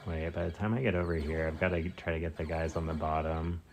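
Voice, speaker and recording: A man's voice: very deep voice, level tone, fast talker, darkish tone, slight background noise. A man whose first language is Spanish streams a game live, reacting with slangy exclamations and lots of fillers. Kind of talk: casual live gameplay commentary. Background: game music.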